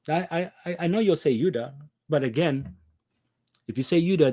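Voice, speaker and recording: A man's voice: on the high side, normal speed, pauses often, warm tone, no echo, studio quality. A man preaching an impassioned scripture lesson, pressing his listeners with rhetorical questions. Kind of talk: impassioned religious teaching.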